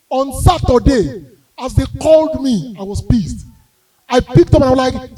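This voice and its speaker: Nigerian guy doing standup, yoruba accent, high voice, kinda far off the mic, acts out everyone. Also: normal speed, slightly rough. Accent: Nigerian English with Yoruba. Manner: animated, acts out characters, bursts into shouted wails. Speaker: stand-up comedian. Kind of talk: storytelling stand-up comedy.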